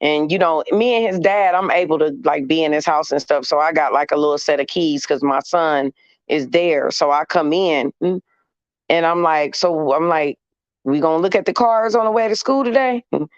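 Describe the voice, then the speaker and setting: A woman's voice: deep voice, normal speed, no room sound. Chatty woman telling a story, dry lo-fi sound. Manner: animated, swears freely, hums "mm" between phrases. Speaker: livestream host. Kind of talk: casual storytelling chat. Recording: dry, slightly dull lo-fi sound.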